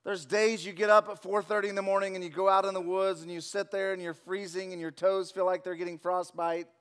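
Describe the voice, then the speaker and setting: A man with a high voice preaches a sermon from a church stage. He tells stories and acts out the voices in them, speaking to a congregation in the room. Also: flat delivery, fairly quick, fairly bright tone, clear, resonant tone. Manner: storytelling, acts out voices in anecdotes. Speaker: pastor. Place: church sanctuary.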